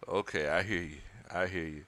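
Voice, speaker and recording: A man's voice: low voice, steady tone, brisk, bright, forceful tone. A man hosting a casual sports watch-party stream, reading viewer comments aloud in a laid-back way. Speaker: livestream host.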